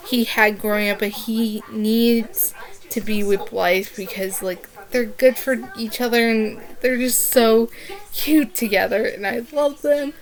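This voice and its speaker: Slow-talking young woman gushing about a book. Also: on the high side. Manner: gushing, rambling, many "like" fillers. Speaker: book reviewer. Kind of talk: casual book review vlog.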